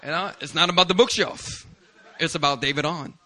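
A male pastor from Philadelphia preaching a sermon in an animated, self-deprecating way, often laughing. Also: on the high side, brisk, noisy background.

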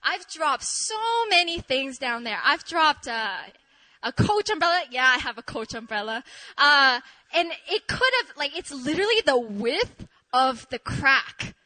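A young woman telling an animated story to an audience, excitable and laughing often. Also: high-pitched, unhurried, rough recording. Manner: excitable, shrieks in re-enacted moments, laughs often. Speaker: speaker sharing a testimony.

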